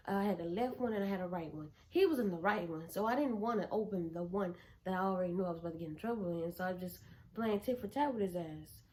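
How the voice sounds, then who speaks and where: A young adult woman telling a storytime in casual chat, animated and blunt, swearing freely as she goes. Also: on the low side, fast talker. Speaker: vlogger.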